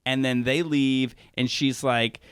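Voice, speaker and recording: A man of middling pitch co-hosts a casual podcast and recaps a reality show, acting out each quote and breaking into laughter. His voice sounds dry and close to the mic, with no room around it. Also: takes it slowly, clean tone, no room sound. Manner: animated storyteller who acts out quotes, laughs often. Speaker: podcast co-host.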